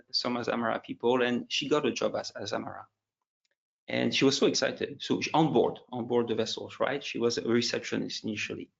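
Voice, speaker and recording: A man's voice: medium pitch, creaky, muffled recording. A man moderating a webinar panel, telling his career story with frequent restarts and a touch of emotion, over a video call.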